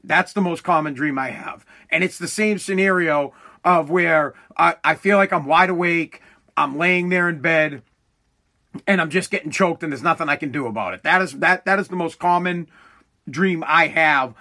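A young man hosts his own podcast alone, telling stories in a loose, rambling stream full of swearing and false starts. His voice sits high for a man and sounds bright and forward. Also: moderate pace. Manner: rambling, profane, restarts often. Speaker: podcast host. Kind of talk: casual solo podcast monologue.

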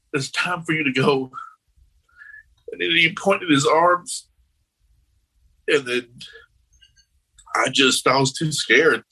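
A man with a husky, bright-edged voice recounts a frightening personal experience. He talks casually and keeps slipping into the voices of the people he quotes. The telling is loose and conversational, full of fillers and restarts. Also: on the high side, poor audio. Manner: animated, acts out quoted voices. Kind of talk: personal storytelling.

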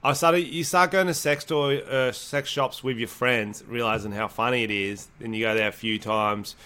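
Crude joking Australian podcast host. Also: male voice, mid-range voice, steady tone, normal speed, sharp tone, smooth. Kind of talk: casual podcast banter.

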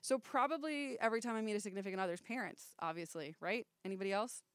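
A woman's voice: mid-range voice, quick pace, smooth, dry recording. A young woman hosting a loose chat among friends, teasing and blunt, with plenty of swearing. Her voice sounds dry and close, with no room around it. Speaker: podcast co-host.

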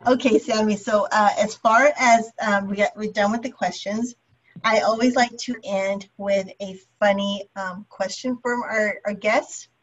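A woman hosts a podcast in a relaxed, chatty way and laughs easily. Her voice sits in a middle range. The recording is dull and lo-fi. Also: mid-range voice, unhurried. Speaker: podcast host. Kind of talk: casual interview chat. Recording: dull lo-fi sound.

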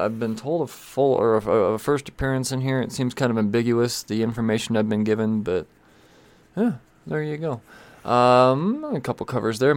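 A man's voice: mid-range voice, vocal fry. Casual man rattling through a release list. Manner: rambling, quick, offhand with filler and stalls. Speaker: comic book channel host. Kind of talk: casual weekly release rundown.

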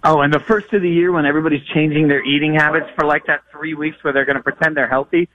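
A man hosting a sports radio show, talking in a fast, energetic, casual way. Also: a little high, phone-quality sound. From Nashville, US South.

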